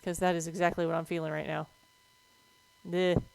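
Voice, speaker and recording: A woman streaming a game and chatting casually about veterinary topics, moving between relaxed talk and excited yelps at the game. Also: on the low side, moderate pace, vocal fry, clear, resonant tone, no room sound, poor audio. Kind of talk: casual gameplay commentary.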